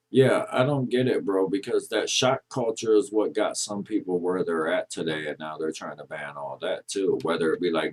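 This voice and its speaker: A man co-hosting a podcast in casual chat, ranting and joking with a lot of swearing. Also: deep voice. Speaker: podcast co-host.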